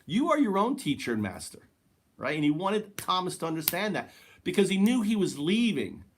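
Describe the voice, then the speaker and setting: A man's voice: high voice, wildly swooping pitch, moderate pace, breathy edge. A man giving a rambling spiritual monologue, swearing and correcting himself as he goes. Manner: rambling, profane, self-correcting. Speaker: spiritual teacher.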